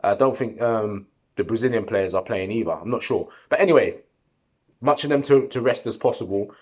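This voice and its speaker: Over a noisy background, a man with a fairly low voice speaks a little fast in a post-match football reaction aimed at the camera. The fan vlogger is animated, heated, slangy and repetitive.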